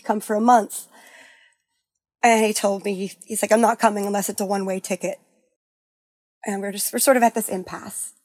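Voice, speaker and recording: A woman's voice: medium pitch, dry recording. Woman telling a personal story, dry close sound. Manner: halting, full of "like" and restarts, softening to near-whispers at sad moments. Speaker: guest sharing a personal story. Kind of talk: candid conversational storytelling.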